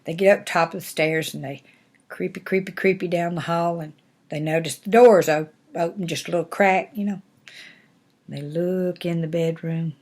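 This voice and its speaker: A woman's voice: on the low side, moderate pace. Folksy older woman telling a story. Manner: folksy, animated, homespun phrasing. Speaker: grandmother reading stories. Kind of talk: storytelling to grandchildren.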